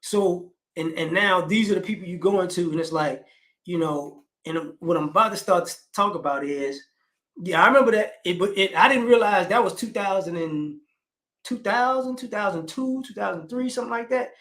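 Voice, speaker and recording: A man's voice: high voice, normal speed, a bit bright. A man in his forties talking casually, rambling with frequent restarts and fillers. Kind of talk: casual conversational commentary.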